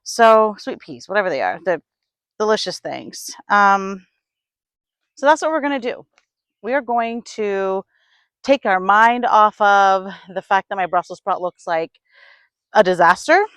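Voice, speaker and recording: A woman from upstate New York talking to her camera while she tends her garden, sighing, hesitant and thinking out loud. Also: mid-range voice, unhurried, clear, resonant tone, no echo. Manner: sighing, hesitant, talks to herself while working. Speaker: gardening vlogger. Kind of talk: casual vlog narration. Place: outdoor garden.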